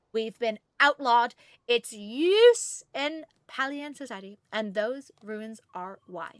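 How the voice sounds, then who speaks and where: A woman reading out a calm, thoughtful female game villager in a slow, soft-spoken way. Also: on the high side, no room sound. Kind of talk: reading game dialogue aloud.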